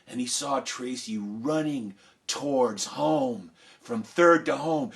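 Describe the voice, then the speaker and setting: A man telling a story to children live, animated, swinging between loud cheering and hushed asides. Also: medium pitch, slow pace, gravelly.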